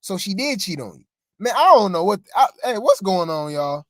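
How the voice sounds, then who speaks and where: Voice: medium pitch, big pitch swings, normal speed, fairly bright tone, no echo, studio quality. A co-host giving casual gossip commentary, rambling and exasperated, often talking straight to the listeners.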